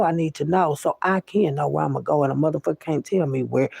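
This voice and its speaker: A woman's voice: sits low, animated, fairly quick, creaky, dark tone, breathy edge, no echo. A woman delivering an unscripted monologue rant to the camera, profane and preachy, with repeated words for emphasis, often calling listeners "baby.". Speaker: vlogger.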